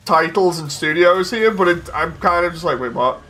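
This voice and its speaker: A man's voice: sits high, faint music behind. A man streaming his reactions to a game showcase, rambling and joking in casual commentary. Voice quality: excitable, rambling, quick to joke.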